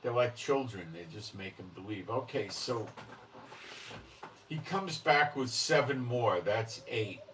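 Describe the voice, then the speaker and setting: A man delivers an unscripted religious monologue in a blunt, insistent manner, often pausing to ask if you follow. He sits back from the mic, with a faint hiss of noise underneath. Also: medium pitch, animated, a bit bright, recorded from a distance, rough recording. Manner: blunt and emphatic, often checks in with "okay?". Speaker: religious commentary host.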